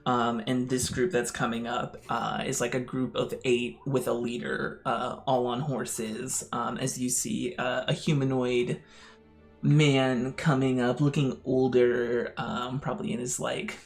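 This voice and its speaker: A man narrating as game master, halting with many fillers. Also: mid-range voice, little pitch movement, gravelly, faint music behind.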